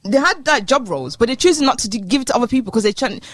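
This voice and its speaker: Young woman podcast cohost, fast and bouncy, high voice, acts out people in her stories. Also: no echo. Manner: animated storyteller, acts out quoted teachers. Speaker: podcast co-host. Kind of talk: casual chat.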